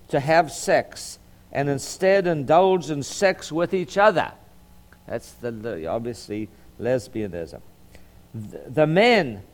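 In an animated, mid-range voice, a middle-aged lawyer from Southern California delivers earnest, sermon-style Bible teaching, frequently repeating words and saying "um" between thoughts.

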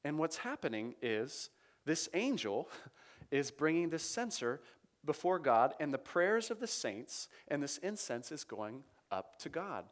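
A man's voice: a little high, very animated, a little slow. A man preaching a sermon, teaching through scripture in a conversational way, reading verses aloud with emphasis and checking in with his listeners.

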